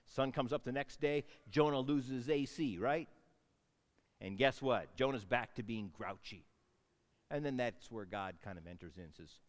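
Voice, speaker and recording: A man preaching a sermon, telling a Bible story with animated swings between loud outbursts and hushed asides. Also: medium pitch, normal speed, in a large hall. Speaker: pastor.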